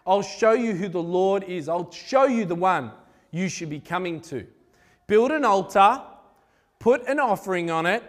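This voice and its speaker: A man preaching a sermon, retelling scripture in a lively, conversational way with chatty asides. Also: sits high, measured pace. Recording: echoey hall.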